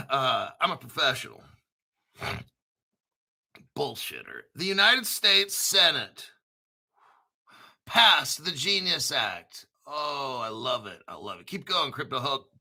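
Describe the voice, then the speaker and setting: A man's voice: medium pitch, sing-song, slow pace, vocal fry, pauses often, bright, forceful tone, slightly rough. A man hosting a crypto channel, reading a news article aloud in a rambling, boastful way, full of crude swearing and jokey asides.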